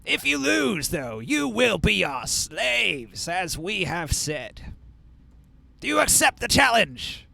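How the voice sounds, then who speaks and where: A man voicing a bugbear clan's bard and announcer, who makes slow, loud, formal proclamations. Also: high voice, big pitch swings, gravelly, a little hiss or hum, pitched above the performer's own voice, heavily acted. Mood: proclaiming.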